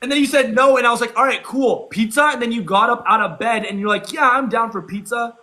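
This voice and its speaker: A young man with a high, bright voice chats casually on a live stream. He tells stories in an animated way, slipping into the voices of the people he quotes. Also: fast talker. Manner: animated storyteller, acts out quotes. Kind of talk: casual chat.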